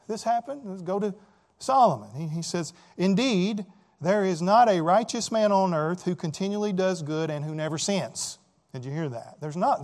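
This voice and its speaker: Male preacher, higher-pitched voice, emphatic sermon delivery, rhetorical questions, lots of "right?" tags. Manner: asks rhetorical questions, many "right?" tags and repeated words; emphatic, swings between loud and soft.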